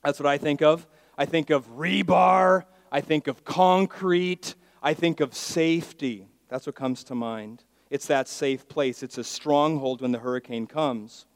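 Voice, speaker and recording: A male pastor preaching a sermon, swinging from quiet asides to loud emphatic declarations and leading the congregation in call-and-response. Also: on the high side, a little slow, hardly any pauses, dry recording. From Miami, Florida.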